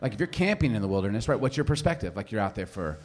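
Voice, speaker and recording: A man's voice: on the low side, very fast. A man in his forties, a pastor telling a family story in a sermon and acting out the people in it. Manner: animated storyteller, acts out family members' voices.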